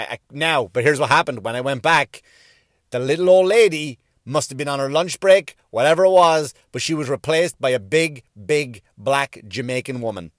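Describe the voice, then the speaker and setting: Rambling Irish stand-up comedian. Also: male voice, medium pitch, dry recording, studio quality. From Ireland. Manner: rambling, profane, self-mocking, many restarts.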